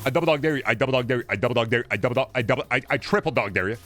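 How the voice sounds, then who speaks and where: A man's voice: mid-range voice, rapid-fire, fairly bright tone, soft background music. A man streaming a game, chatting casually in a rambling, profane, jokey way.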